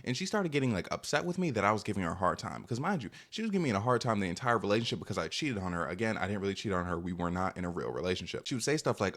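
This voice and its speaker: A man's voice: lowish voice, animated, rapid-fire, hardly any pauses, a bit bright. A young man telling a casual storytime vlog, rambling and self-assured, full of fillers. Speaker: vlogger.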